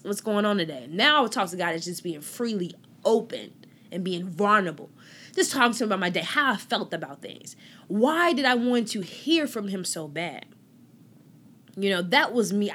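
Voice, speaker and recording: A woman hosting a faith podcast talks casually in a voice of middle pitch that swings widely up and down. She acts out quoted conversations, drops almost to a whisper and then rises to loud exclamations. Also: moderate pace. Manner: animated storytelling, acting out quoted exchanges. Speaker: podcast host.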